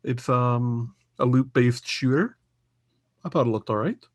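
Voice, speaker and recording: A man's voice: medium pitch, a little slow, no echo. A man co-hosting a casual gaming podcast, rambling with many fillers and chuckles. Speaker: podcast co-host. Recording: dull, dry podcast audio.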